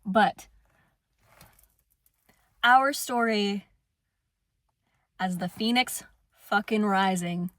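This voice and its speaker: A young woman in an impassioned personal monologue, swearing fiercely, swinging between shouting and hushed calm. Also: medium pitch, drawn-out words, long pauses, no room sound. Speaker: spiritual vlogger.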